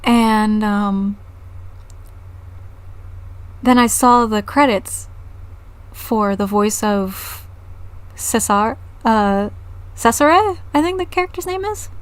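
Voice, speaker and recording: A woman's voice: fairly high pitch, slow, long pauses, smooth, dry recording. A woman streamer chatting casually on a live stream, giggling often and swearing freely.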